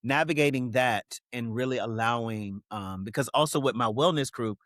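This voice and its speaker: A man's voice: medium pitch, normal speed, fairly bright tone, dry recording. Reflective man talking, dry close sound. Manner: reflective, with frequent "you know what I mean" fillers. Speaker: guest. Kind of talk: candid interview talk.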